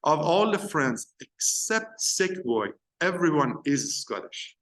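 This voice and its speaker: A man giving an informal university film lecture, often pausing and searching for words as he explains. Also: fairly high pitch, very animated, fairly bright tone. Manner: halting, searching for words between points.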